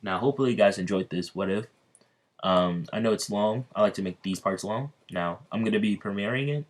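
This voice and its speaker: Low-voiced man telling a fan story. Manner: halting, many fillers and restarts. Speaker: video creator. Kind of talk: casual fan-fiction storytelling.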